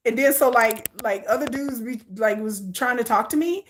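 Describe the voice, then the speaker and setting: A woman's voice: fairly high pitch, moderate pace, slight background noise. A woman vlogger chatting casually with her viewers, playful and laughing often.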